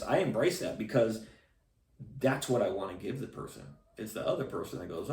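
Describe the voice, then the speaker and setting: A man's voice: medium pitch, animated, moderate pace. A middle-aged man speaking casually and bluntly to camera as a salesman and channel host, rambling with many restarts and fillers. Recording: echoey room, voice a bit far from mic.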